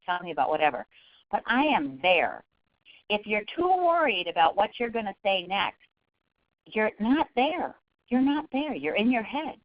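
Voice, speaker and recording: Lively woman presenting a webinar. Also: medium pitch, dry recording, highs cut off. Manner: lively, folksy, with acted quotes. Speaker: fundraising trainer.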